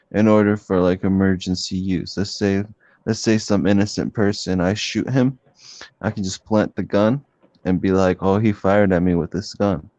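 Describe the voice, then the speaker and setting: A man's voice: on the low side, dark tone, dry recording, muffled recording. A man in a casual heated debate, telling stories in a rambling way, repeating himself and calling people bro. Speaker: debate participant.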